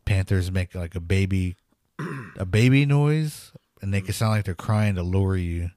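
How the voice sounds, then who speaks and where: A low-voiced man tells a story on a casual podcast, acting out the lines people said and breaking into nervous laughs. The recording is dry and close. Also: a little slow, no room sound. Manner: animated storyteller, laughs nervously, acts out quotes. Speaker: podcast co-host.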